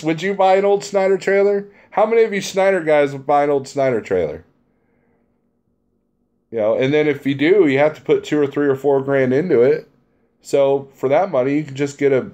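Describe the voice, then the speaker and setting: A man's voice: mid-range voice, lively intonation, moderate pace, darkish tone. A man who drives a truck, chatting casually on a live stream and reading out viewer comments in a blunt, chummy way, laughing easily.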